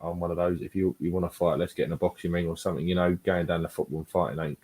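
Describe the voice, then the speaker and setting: A man's voice: low voice, level tone, rapid-fire, a little mellow. A man guest on a casual podcast chat, talking in an easygoing, rambling way and often using filler phrases. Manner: easygoing, rambling, peppered with "to be fair" and "you know".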